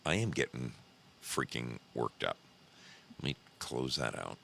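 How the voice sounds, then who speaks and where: A man with a very low, gravelly voice hosts a casual show, talking slowly while his pitch swings widely. He rants with profanity and restarts his sentences as he goes. His tone is bright and forceful. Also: sing-song, a little hiss or hum. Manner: heated, profane, rambling with restarts. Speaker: show host. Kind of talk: casual commentary on screen images.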